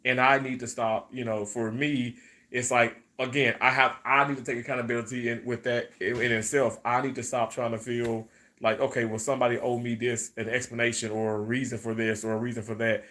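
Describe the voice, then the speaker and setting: A man's voice: mid-range voice, little pitch movement, fairly quick, pushed and bright. Chatty man rambling on a live stream. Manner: rambling, repeats words, talks to viewers as y'all. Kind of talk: casual live stream chat reading comments.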